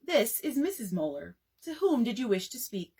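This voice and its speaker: A woman's voice: on the high side, big pitch swings, moderate pace, warm tone, slightly rough, full character voice. A woman reading aloud as a polite, formal older mother answering the telephone. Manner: courteous, formal.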